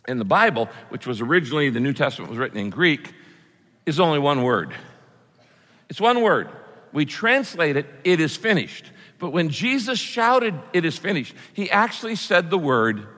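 A pastor delivers his sermon with a bright, forceful tone and a pitch that swings widely as he stresses his points. He leans on repetition to drive key phrases home, and his voice rings through a long hall reverb. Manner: emphatic preaching, repeating key phrases.

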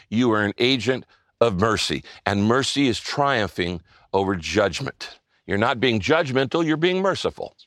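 An older man preaching a sermon in a conversational style, asking the listeners questions and dropping to a soft hush on key phrases. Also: medium pitch, dry recording, studio quality. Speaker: pastor.

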